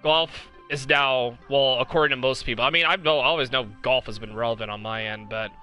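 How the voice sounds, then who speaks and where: A man's voice: mid-range voice, fairly quick, pushed and bright, muffled recording, soft background music. A young man from California hosting a casual live-stream podcast, rambling enthusiastically with lots of fillers and restarts. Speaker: podcast host.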